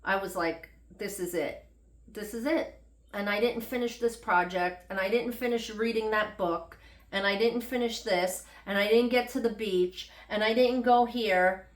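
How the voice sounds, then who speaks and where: A woman's voice: medium pitch, steady tone, moderate pace. A middle-aged woman vlogging a casual, unedited health update in a rambling, chatty way with self-deprecating humor. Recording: echoey room.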